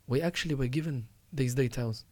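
A man's voice: medium pitch, brisk, darkish tone, no echo. Earnest man urging listeners, dry sound. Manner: earnest, exhorting, repeats phrases for emphasis. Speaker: podcast host. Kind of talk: religious advice talk.

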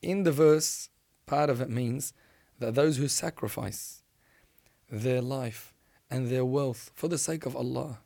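A man with a gravelly, medium-pitched voice preaches, telling a religious story in an animated, emphatic manner and frequently restarting his sentences.

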